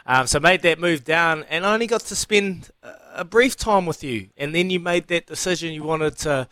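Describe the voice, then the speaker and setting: A man's voice: on the high side, moderate pace, sharp tone, no echo. A man with a New Zealand accent hosting a breakfast radio show, friendly and teasing in casual chat. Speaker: radio host.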